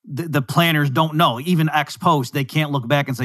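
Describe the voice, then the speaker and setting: Male podcast host, chatty and quick to act out quotes, dry close mic, mid-pitched. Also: no room sound. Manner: talks in lively bursts, slips into voices for quoted people. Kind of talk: casual economics discussion.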